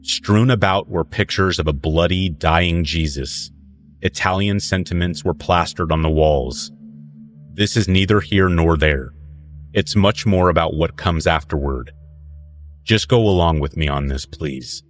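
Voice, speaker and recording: A man with a very low voice narrates a horror tale in a slow, deliberate, low-key way. He grew up in northern New Mexico, and soft music plays quietly behind him. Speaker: storyteller. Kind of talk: calm scripted horror narration.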